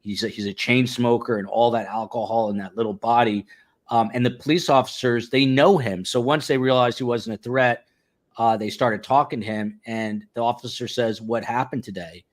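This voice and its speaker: A man hosts a live stream in a relaxed, conversational way. He reads viewer comments aloud and thinks out loud, with frequent "uh"s and restarts. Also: medium pitch, normal speed. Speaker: host.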